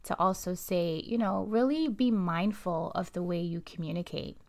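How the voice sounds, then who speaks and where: A woman's voice: fairly low pitch, moderate pace, darkish tone. A woman who works as a labor and delivery nurse, co-hosting a casual talk about marriage and chiming in to finish her husband's thoughts. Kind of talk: casual conversation.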